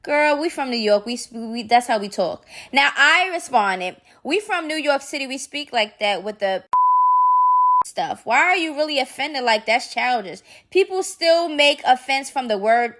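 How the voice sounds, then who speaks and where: A woman's voice: high voice, lively intonation, moderate pace, a bit bright, slight background noise. A woman hosting a celebrity gossip channel, reading posts aloud and commenting in a sassy, chatty way. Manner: sassy, chatty, addresses viewers as y'all.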